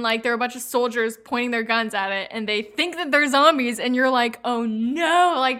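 A woman in casual chat about a movie, expressive and laughing often. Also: on the high side.

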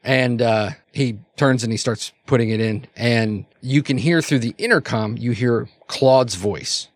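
A game master runs a tabletop role-playing session, his mid-range voice moving at a moderate pace and full of fillers, restarts and rambling. The studio sound is clean, with no echo.

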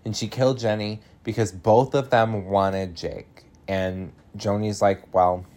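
Slow, low-voiced man recapping a film. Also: little pitch movement, darkish tone. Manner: chatty, laughing, swears freely, many "um"s.

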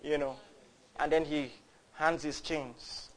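Brief: male preacher, high voice, fervent storytelling sermon. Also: steady tone, takes it slowly. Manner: fervent, builds to loud cries, storytelling.

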